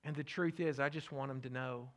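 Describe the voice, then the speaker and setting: A middle-aged man preaching a sermon, earnest and repetitive, often dropping his voice to a soft hush. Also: medium pitch, steady tone, a little fast. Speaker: pastor.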